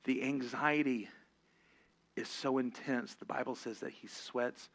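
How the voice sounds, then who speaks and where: A middle-aged pastor preaching a sermon, swinging from loud, driving exhortation down to hushed, confessional moments. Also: male voice, mid-range voice, steady tone, measured pace.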